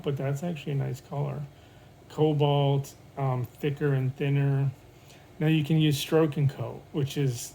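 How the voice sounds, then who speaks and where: Mellow-voiced man talking glaze tests. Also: medium pitch, slight background noise, low-quality recording. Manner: relaxed, thinks aloud with fillers and restarts. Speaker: potter. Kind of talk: casual show-and-tell of glaze tests.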